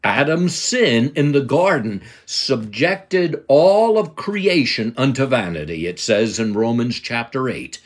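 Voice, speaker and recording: An older man with a slightly husky voice, giving a Bible lesson in an emphatic preaching cadence and quoting scripture. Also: medium pitch, big pitch swings, slow, few pauses. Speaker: Bible teacher.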